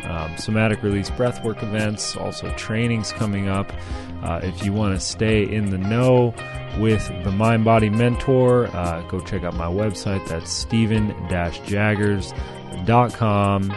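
A man hosting a podcast, chatting in a relaxed way with lots of fillers. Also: lowish voice, a little slow, over music. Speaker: podcast host. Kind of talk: casual podcast interview.

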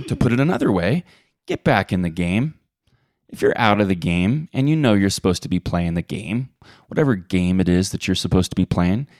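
A middle-aged man co-hosting a podcast, telling animated stories and acting out the voices he quotes. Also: low voice, no echo, clean studio sound. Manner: animated storyteller, acts out quotes. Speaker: podcast co-host. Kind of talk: casual chat.

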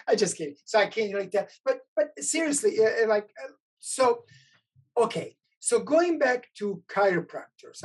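A woman host asks questions and tells her own stories, hesitating and restarting as she goes. Her voice has a husky edge. She talks at a middle pitch. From Bosnia. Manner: hesitant, with many fillers and restarts. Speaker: interviewer, host. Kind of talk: conversational interview.

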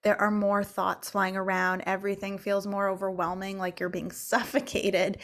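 A woman talking openly and reflectively in a relaxed podcast conversation. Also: mid-range voice, normal speed. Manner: open, reflective storytelling. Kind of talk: casual conversation.

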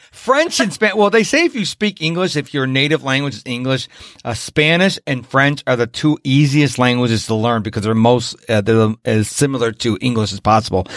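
A man from upstate New York hosting a podcast, talking in a high-energy, jokey, animated way. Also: dry recording, clean studio sound. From Rochester, New York. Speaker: podcast host. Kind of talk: casual interview chat.

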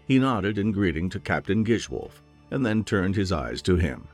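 A man narrating a fantasy audiobook in an expressive storytelling manner. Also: low voice, normal speed, soft background music.

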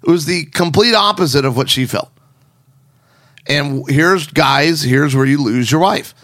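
A man co-hosting a casual talk show, telling stories and giving advice to husbands in a sarcastic, animated way. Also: a little high, measured pace, dry recording, studio quality. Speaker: podcast co-host.

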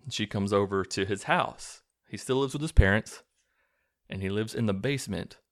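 A man's voice: fairly low pitch, brisk. A young man hosting a casual podcast, recapping a film in a loose, sardonic way with plenty of swearing and silly quoted voices. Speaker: podcast host.

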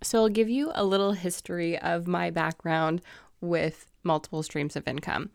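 A woman's voice: lowish voice, fairly even intonation, moderate pace, gravelly, dry recording, clean studio sound. A young adult woman hosting a podcast, giving chatty, motivational advice on income and real estate with lots of "like" and "so". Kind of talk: upbeat podcast monologue.

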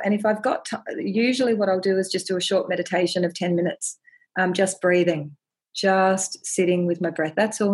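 A woman speaking as a podcast guest, sharing her practice in a gentle, earnest, reflective way and often repeating words as she thinks. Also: medium pitch, husky. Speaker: podcast guest, ceremony holder.

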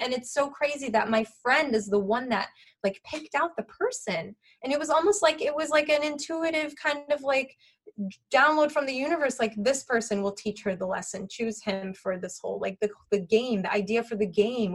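A woman candidly recounting a personal experience in a halting, earnest way, with frequent fillers and restarts. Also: fairly high pitch, a bit bright. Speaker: guest telling a personal story.

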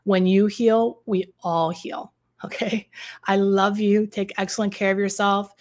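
Middle-aged woman doing a live coaching stream, chatty, acts out quotes, mid pitch voice. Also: flat delivery, unhurried. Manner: chatty, reads out viewer comments. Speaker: relationship coach.

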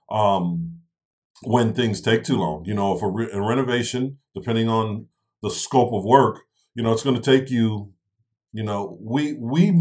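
A man's voice: lowish voice, darkish tone. A man co-hosting a casual discussion, walking through real estate investing step by step and checking in with "right?" and "okay?". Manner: explanatory, tags points with "right?" and "okay?".

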